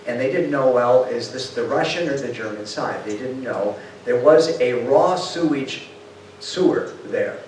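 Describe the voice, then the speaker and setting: An older man giving a storytelling talk to an audience, a lively speaker who acts out quotes and puts questions to the room. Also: medium pitch, a little hiss or hum. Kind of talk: storytelling lecture. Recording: roomy hall sound from far off.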